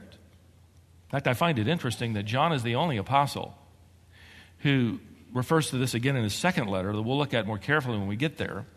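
A man preaching a sermon as a pastor, talking with animated emphasis that climbs to excitement. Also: medium pitch, long reverb tail.

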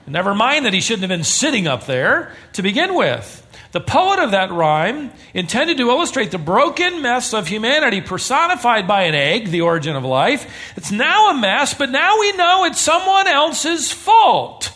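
Speaking at normal speed in a high-pitched voice, a pastor delivers a sermon to a church congregation. He brings it to life with animated, humorous stories.

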